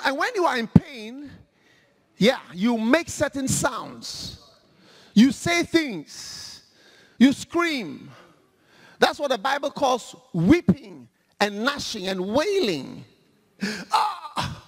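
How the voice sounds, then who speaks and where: A male preacher delivers a humorous, animated sermon, acting out the scripture as he goes. His voice is very high and swings widely, with an unhurried delivery. A long reverb from a large hall trails every phrase.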